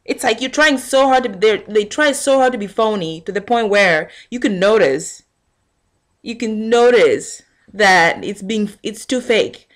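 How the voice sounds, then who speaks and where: A young woman vlogger telling a casual, animated rant to her camera and acting out what people said. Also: medium pitch, a little slow. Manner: animated storytelling, acting out quotes.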